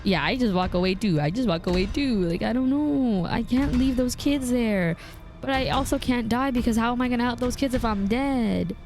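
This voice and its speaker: A woman's voice: on the high side, normal speed, a little mellow, soft background music. A woman streaming a story game, chatting casually and thinking aloud in a flustered way.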